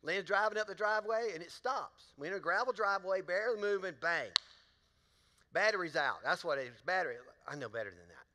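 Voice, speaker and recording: A man's voice: high-pitched, expressive, fairly quick, bright, forceful tone. A male pastor, preaching a sermon with folksy stories and questions to the congregation. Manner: folksy storytelling, talks to the crowd. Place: large church auditorium. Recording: long hall reverb in a church.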